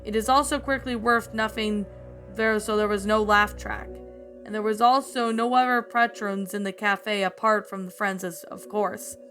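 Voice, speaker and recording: Bright-voiced woman reading a story. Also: on the high side. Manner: stumbles and restarts while reading. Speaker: story narrator. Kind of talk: reading a fan story aloud.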